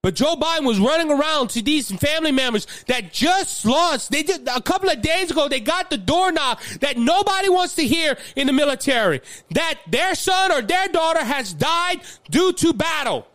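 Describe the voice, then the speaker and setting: A man's voice: extremely high pitch, expressive, moderate pace, few pauses, a bit bright, dry recording. A man with a Louisiana accent hosting a political commentary show, impassioned and fiery, often repeating words as he builds steam. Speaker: podcast host.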